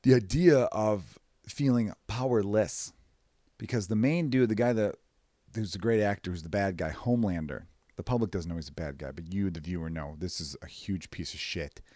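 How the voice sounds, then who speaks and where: A man hosting a podcast, rambling casually and profanely, short of breath and jumping into high mock voices. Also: brisk, dry recording, clean studio sound. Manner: profane, rambling, animated bursts into high-pitched mimicry. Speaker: podcast host. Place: away from his usual recording space.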